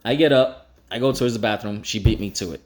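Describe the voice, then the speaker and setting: A man with a fairly low voice tells a story from his own life in a casual, frank manner and swears now and then. When he quotes someone, his pitch jumps up and he acts the lines out with animation. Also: quick pace, darkish tone. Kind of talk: personal storytelling.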